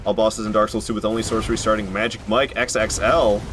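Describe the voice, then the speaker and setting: A man's voice: fairly low pitch, little pitch movement, fast talker, noisy background. A man chatting casually with his viewers while he streams a video game from home, joking and laughing often. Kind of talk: casual live-stream commentary.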